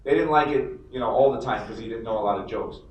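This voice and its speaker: A man's voice: medium pitch, quick pace. A man hosting a live stand-up set, brash and profane, teasing the audience during crowd work. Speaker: comedy host. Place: casino showroom. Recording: roomy live recording from far off with crowd.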